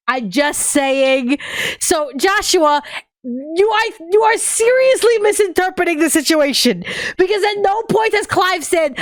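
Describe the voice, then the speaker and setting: A woman streamer giving casual, foul-mouthed commentary while playing a game, animated and arguing with the characters. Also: very high-pitched, slow, no room sound, studio quality. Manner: animated, profane, argues with the characters.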